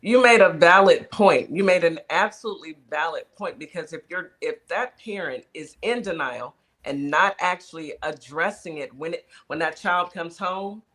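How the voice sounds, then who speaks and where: A woman on a casual talk show, speaking emphatically and deliberately, sometimes stumbling over her words. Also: on the low side, fairly bright tone. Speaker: podcast co-host. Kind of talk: casual chat.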